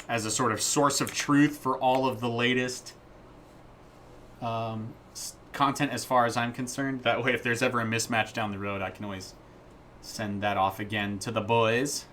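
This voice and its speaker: A man's voice: fairly low pitch, fairly bright tone, a little hiss or hum. A man chatting casually and playfully while streaming his game development work, rambling into jokey asides. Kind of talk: casual live-stream chat.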